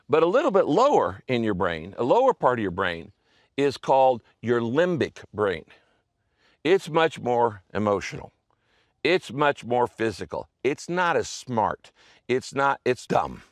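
A man's voice: mid-range voice, no echo. Conversational preacher man, dry sound. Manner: conversational preaching, many asides and checks. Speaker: pastor. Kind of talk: sermon.

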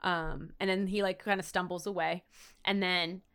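A woman's voice: lowish voice, fairly even intonation, normal speed, a bit bright, clean tone. A woman co-hosting a podcast, casually recapping a TV episode in a rambling way, full of "like" and "um". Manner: rambling, full of "like" and "um", acts out quotes in silly voices. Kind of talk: casual comedic recap chat.

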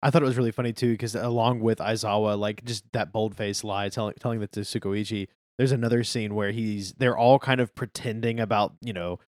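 Male podcast co-host, lowish voice, easygoing and agreeable, dry close sound. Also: fairly even intonation, a little fast, few pauses, darkish tone, no room sound. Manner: easygoing, agreeable, trailing off at sentence ends. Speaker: podcast co-host discussing a manga. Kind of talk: casual chat.

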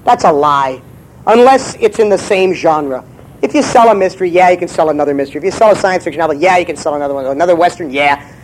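A man's voice: fairly high pitch, fast talker, a little hiss or hum, low-quality recording. A man giving a comic lecture as a writer, brash and profane, rambling with stammered restarts.

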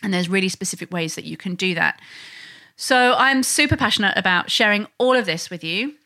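A woman's voice: mid-range voice, lively intonation, fairly quick. A woman, a parent, hosting a solo podcast and talking earnestly and enthusiastically. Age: adult. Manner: earnest, enthusiastic, warm-hearted. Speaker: podcast host.

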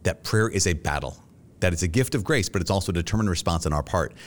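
A middle-aged Catholic priest answers interview questions earnestly and reflectively, animatedly acting out his own past thoughts. His voice sits low, and he talks fast.

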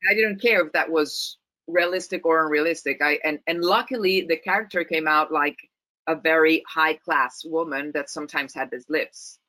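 Woman from Rome, Italian accent, reflective interview guest with restarts; tense, crisp tone, dry close sound. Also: low-pitched, moderate pace, sharp tone, dry recording, poor audio. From Italy, Rome. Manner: thoughtful, many restarts and repeated words. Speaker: actress, guest. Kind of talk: interview conversation.

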